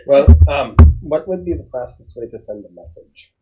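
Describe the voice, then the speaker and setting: Tabletop player, polite, formal, lively pitch, mid voice. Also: normal speed, soft background music, rough recording. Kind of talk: in-character tabletop play.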